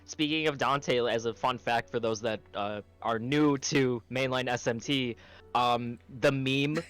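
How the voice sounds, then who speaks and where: A young man chatting casually on a friend's stream, relaxed and keen as he explains game trivia. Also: mid-range voice, unhurried, smooth. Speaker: co-host friend. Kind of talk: casual gaming chat.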